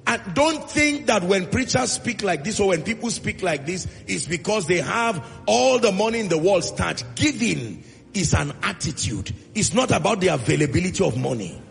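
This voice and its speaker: Nigerian male pastor, high animated preacher with fry, pounding refrains, in a reverberant hall over soft music. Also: moderate pace. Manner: emphatic preaching with repeated refrains. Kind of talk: sermon.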